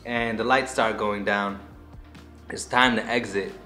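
A man telling a personal story to his viewers in a casual, animated way, acting out his own past reactions. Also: on the low side, measured pace, faint music behind.

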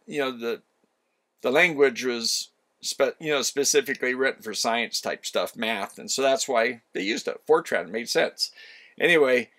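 A man's voice: mid-range voice, a bit bright. An older man hosting an electronics channel, talking casually and folksily, rambling with frequent asides and self-corrections. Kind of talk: casual explanatory talk.

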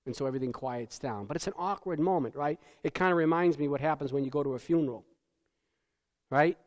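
A male pastor preaching a sermon in a conversational style, often asking "right?" and dropping to a hush for solemn points. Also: fairly high pitch, fast talker. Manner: tag questions, repeats words. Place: church sanctuary. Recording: church hall with long reverb.

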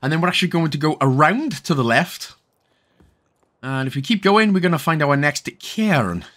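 A man's voice: on the high side, lively intonation, normal speed, fairly bright tone. A young Welsh man giving casual, jokey, rambling commentary over a game walkthrough. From Wales. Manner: rambling, jokey, self-correcting.

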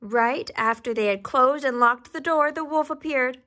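A woman reading a storybook aloud to children, pausing to ask questions and dropping into soft whispered asides. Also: high voice. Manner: gentle, asks the listener questions, whispered asides.

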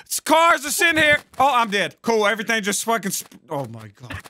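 A man hosting a co-op gameplay video, swearing loudly and screaming at the game in bursts of yelling and laughter. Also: very high-pitched, huge pitch swings, brisk. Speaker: gaming host. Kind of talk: co-op gameplay commentary.

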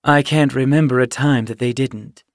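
A man's voice: medium pitch, steady tone, normal speed, dry recording, clean studio sound, pitched above the performer's own voice, natural voice. A man voicing a proud, firm female cat queen in an audiobook, speaking with confident authority. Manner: firm, dismissive.

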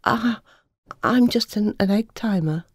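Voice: mid-range voice, moderate pace, dark tone, no echo, studio quality, pitched above the performer's own voice, close to an everyday voice. A storyteller voicing Eva, a small timid egg timer who stutters.

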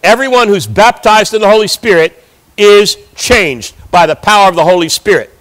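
A man with a high-pitched voice delivers a church sermon. He reads scripture aloud and then breaks it down for his listeners with mounting emphasis. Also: moderate pace, a bit bright. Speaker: pastor. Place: church sanctuary.

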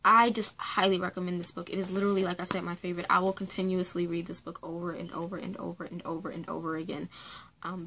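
A woman's voice: fairly low pitch, fairly bright tone, slight background noise, rough recording. Earnest chatty young woman reviewing a book. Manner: chatty, earnest, with many fillers. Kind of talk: casual book review vlog.

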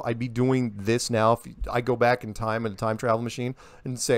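A man giving casual, animated interview answers, full of rhetorical questions and quips. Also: medium pitch, brisk, hardly any pauses, dry recording. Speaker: interview guest.

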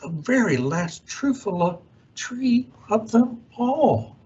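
Expressive man reading a rhyming storybook. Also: high-pitched, slow pace, slightly rough, muffled recording. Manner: expressive rhyming read-aloud, swooping delivery. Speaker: youth organization director.

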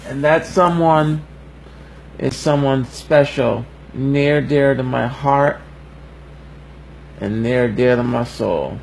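A young man talks slowly and haltingly, his voice gravelly with fry as he tries to hold back tears. He is giving an emotional birthday message on a livestream, and a faint noise sits behind him. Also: medium pitch, low-quality recording. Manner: slow, halting and heartfelt, fighting back tears.

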